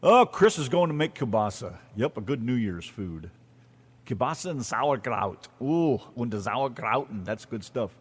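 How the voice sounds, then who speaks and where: A man's voice: medium pitch, very animated, normal speed, slightly rough. A man with an American accent co-hosting a casual radio show, joking and teasing his co-host.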